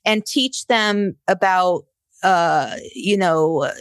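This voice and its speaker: A woman's voice: on the low side, very slow, clear, resonant tone, no echo, clean studio sound. A middle-aged woman co-hosting a podcast, speaking in a frank, emphatic, exasperated way. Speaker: podcast co-host. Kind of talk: casual podcast chat.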